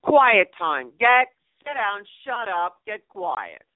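A woman's voice: mid-range voice, big pitch swings, slow pace, no echo. Emphatic middle-aged woman on a phone-like line. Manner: emphatic and repetitive, addressing listeners fondly. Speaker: radio show host and numerologist. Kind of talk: inspirational radio advice talk. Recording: narrow phone-like line, dry.

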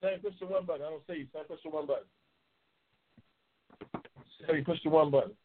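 A man's voice: a little high, fast. A man hosting a live call-in talk show, trash-talking and teasing callers with lots of cursing. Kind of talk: casual live call-in banter. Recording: tinny phone-line sound.

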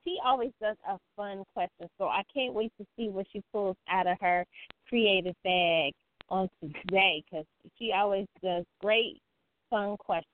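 A woman's voice: medium pitch, a little slow, no room sound. A woman co-hosting a chat show, chatty with sassy slang, talking over a video call. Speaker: co-host. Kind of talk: casual chat. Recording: phone-like line with faint hiss.

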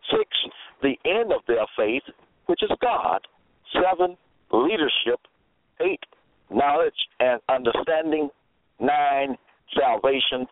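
A man's voice: mid-range voice, lively intonation, takes it slowly, pauses often, dry recording. A man preaching a radio-style sermon, teaching in a didactic way and asking the listener rhetorical questions. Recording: tinny phone-line sound, dry.

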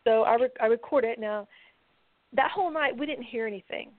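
A woman with a fairly high voice tells her story plainly and steadily. She is heard over a thin phone line. The sound is dry. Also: brisk, no room sound. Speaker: guest researcher. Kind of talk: casual storytelling on a call-in show.

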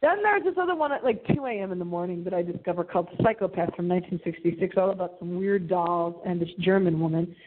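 A woman hosting a late-night radio show, chatting about movies in an animated, dramatic way. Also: lowish voice, fast, hardly any pauses. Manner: animated, dramatic, gasping and singing for effect. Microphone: phone held to the computer. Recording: tinny phone-like line.

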